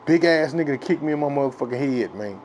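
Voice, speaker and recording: A man from Texas telling a childhood story in a rambling, profane, filler-heavy way that grows loud and excited with laughs. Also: mid-range voice, quick pace, a little hiss or hum. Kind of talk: casual storytelling.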